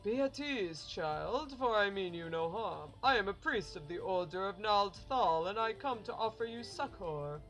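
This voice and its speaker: A woman voicing a male false priest, speaking in a lower, soothing and solemn way. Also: lively intonation, moderate pace, few pauses, soft background music, lightly acted, low-quality recording. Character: smooth-talking false priest, man.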